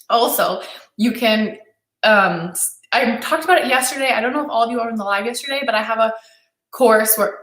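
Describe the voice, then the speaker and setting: In an echoey room, a young adult woman with a medium-pitched, fairly bright voice coaches on dating in a live-stream Q&A. She reads viewer comments out loud, sounding enthusiastic and encouraging.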